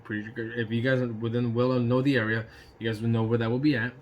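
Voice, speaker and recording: A man telling a casual personal anecdote in an animated way, swearing freely and throwing in sound effects. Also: mid-range voice, fast, dull audio, a little hiss or hum. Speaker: storyteller.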